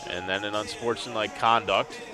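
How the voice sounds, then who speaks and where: A man's voice: fairly low pitch, steady tone, moderate pace, music in the background. A man calling a semi-pro football game play by play, with dry, wry asides about confused officiating. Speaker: play-by-play commentator. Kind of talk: sports commentary.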